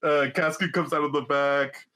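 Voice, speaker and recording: Bright, animated male podcast host. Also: fairly high pitch, normal speed. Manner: animated, laughing storyteller who swears a lot. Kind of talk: casual chat.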